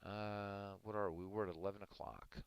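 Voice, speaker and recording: A man hosting a livestream, chatting casually with viewers in a relaxed, rambling way. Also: on the low side, moderate pace, clear, resonant tone, dry recording, highs cut off. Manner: relaxed, rambling, chuckling asides. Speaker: livestream host.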